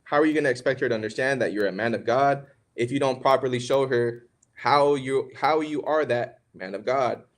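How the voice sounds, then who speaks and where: A man's voice: medium pitch, brisk, hardly any pauses. A young man co-hosting a podcast, giving casual religious teaching on marriage in a conversational, preachy way. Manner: conversational, preachy, calls listeners "man" and "bro". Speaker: podcast co-host.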